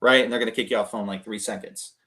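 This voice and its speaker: Chatty low-voiced man coaching on the phone. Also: very fast. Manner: energetic, chatty, full of fillers and restarts; acts out phone calls, shifting his tone to match others. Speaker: real estate investor coaching cold callers. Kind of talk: casual coaching talk on a video call.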